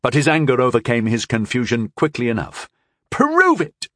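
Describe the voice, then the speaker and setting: A man's voice: medium pitch, fairly quick, dry recording. A man narrating a first-person fantasy audiobook in a dry, wry storytelling manner.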